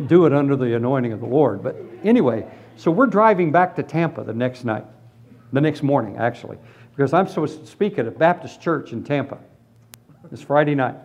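A man preaching and giving his personal testimony, telling it as a lively story and acting out the other people in it. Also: mid-range voice, fairly quick, muffled recording. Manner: animated storytelling, acts out voices. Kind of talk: testimony sermon.

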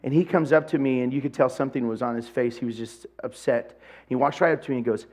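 A man's voice: medium pitch, steady tone, quick pace, darkish tone. A man preaching a sermon as pastor, telling a personal story with animation and acting out bits of dialogue.

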